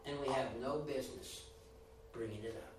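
A man's voice: mid-range voice, steady tone, normal speed, noisy background. A man preaching a sermon with rising and falling emphasis, acting out the voices he quotes. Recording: echoey room, voice from a distance.

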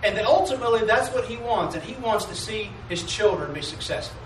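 A high-pitched male pastor delivers a homey sermon, pausing often to draw "Amen" from the congregation. His voice echoes around a church sanctuary, heard from a little way off the mic. A faint room hum runs underneath. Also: animated, recorded from a distance. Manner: preaching call-and-response, asking "Amen?"; drawls mock King James commandments slowly.

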